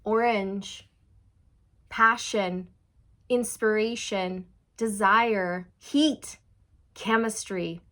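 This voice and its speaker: A young adult woman giving a slow, soothing channeled tarot reading, speaking straight to her viewers. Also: mid-range voice, a bit bright. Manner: slow, soothing, spiritual, addresses viewers as you guys. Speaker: tarot reader.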